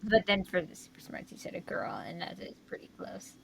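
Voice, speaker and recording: Blunt, bright-voiced young woman co-host. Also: mid-range voice, steady tone, gravelly, a little hiss or hum, poor audio. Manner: quick, blunt answers, moves things along. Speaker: podcast co-host. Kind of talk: casual chat.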